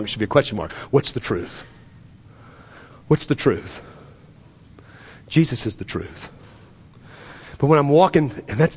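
A male pastor preaching a sermon in a conversational way, repeating phrases and dropping to a quiet voice for emphasis. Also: a little high, big-room sound.

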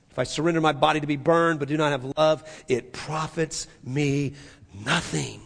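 A male pastor preaching a sermon in a church, swinging from loud, emphatic passages to near-hushed ones. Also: fairly high pitch, normal speed, gravelly, long reverb tail.

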